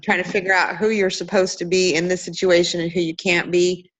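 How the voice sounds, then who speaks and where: A woman guest in a casual chat, reflective, thinking out loud in long, winding sentences. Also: lowish voice, flat delivery, brisk, rough recording.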